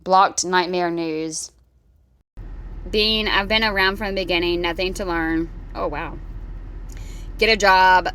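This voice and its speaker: A woman in her thirties talks through a casual reaction vlog in a somewhat low voice. She is blunt and mocking, firing off short, repeated jabs as she reads the chat aloud. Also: fairly even intonation, takes it slowly, pauses often, fairly bright tone, slight background noise. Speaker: commentary vlogger reading live chat.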